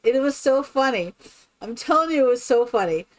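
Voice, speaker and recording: A woman streaming a game who chats casually and tells stories in an animated way. She laughs often and keeps asking "right?". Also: high-pitched, fairly quick, dry recording. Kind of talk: casual chat while playing a game.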